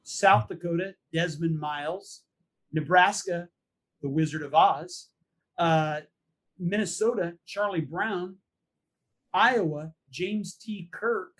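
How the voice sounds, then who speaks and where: A man co-hosting a podcast in casual chat, briskly listing items in an easygoing way. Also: high-pitched, a bit bright. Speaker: podcast co-host.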